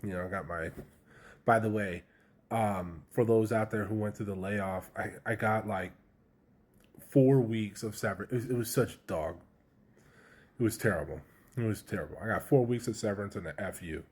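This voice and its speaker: A man's voice: on the low side, normal speed. A man casually telling a personal story to camera, candid and chatty, with slang and lots of fillers. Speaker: vlogger sharing a personal story.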